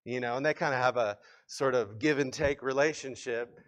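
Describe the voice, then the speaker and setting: A man's voice: medium pitch, moderate pace. A man preaching a sermon in an earnest, fervent way, with many fillers and restarts. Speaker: pastor.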